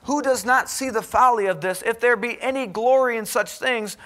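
A man's voice: very high-pitched, moderate pace, fairly bright tone. A man preaching a sermon in a college chapel, earnest and exhorting, pressing his points with rhetorical questions.

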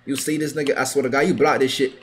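A young man giving live gameplay commentary, trash-talking his opponents with heavy profanity and sudden bursts of yelling. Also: mid-range voice, little pitch movement, fast, heavy background noise. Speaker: gaming video creator.

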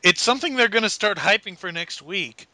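A man co-hosts a casual podcast and tosses off curt, dismissive remarks. His voice is very bright and lively in pitch. The sound is dry and close. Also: fairly quick, dry recording. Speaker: podcast co-host. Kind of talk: casual chat.

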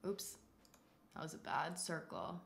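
Excitable streamer woman, bright and echoey. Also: sits low, measured pace, creaky, soft background music. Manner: excitable, exclamatory, rambling with many "like"s. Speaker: livestreamer. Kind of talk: casual livestream chat while drawing. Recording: roomy echo.

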